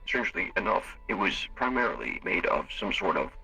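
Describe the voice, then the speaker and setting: A man voicing a formal augmented alien with servos, speaking in a measured, clipped way in a live role-play. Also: deep voice, sing-song, gravelly, sharp tone, slightly rough, heavily acted. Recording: distant mic with faint music.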